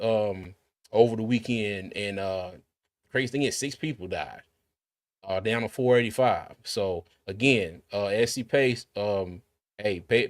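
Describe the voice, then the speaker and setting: A man's voice: fairly low pitch, no echo. A man hosting a casual livestream, chatting and reading viewer comments aloud with frequent restarts. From Carolinas, US. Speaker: livestream host.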